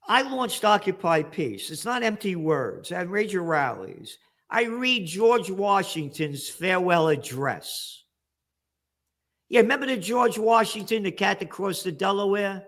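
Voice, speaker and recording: Sarcastic ranting man, high-pitched, very animated delivery, shouting bursts. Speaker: guest commentator. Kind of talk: ranting political commentary.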